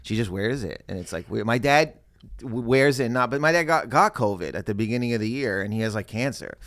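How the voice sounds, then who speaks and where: A man's voice: medium pitch, expressive, a little fast, a bit bright, no room sound, clean studio sound. A young man from Canada chatting casually as a comedian and podcast host, telling rambling stories with frequent restarts. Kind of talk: casual chat.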